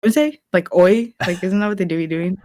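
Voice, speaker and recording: A young woman co-hosting a casual podcast, talking in an animated, giggly way and filling her speech with "like". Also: on the low side, quick pace, no room sound, clean studio sound. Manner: animated, giggly, heavy use of "like". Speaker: podcast co-host. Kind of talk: casual chat.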